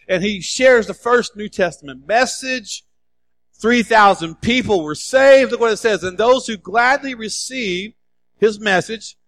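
A male pastor preaching a sermon, animated and emphatic, acting out scripture dialogue and repeating key words. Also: high-pitched, normal speed.

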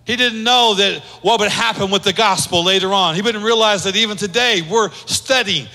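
Pastor, male, high bright voice, casual preaching with acted-out quotes, church hall reverb. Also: moderate pace. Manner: conversational preaching, acts out quoted speech. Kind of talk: sermon.

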